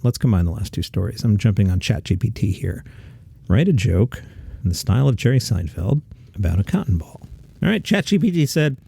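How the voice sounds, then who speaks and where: A man hosting a daily comedy news show, reading the items in a scripted way with deadpan asides. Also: on the low side, brisk, gravelly, breathy edge.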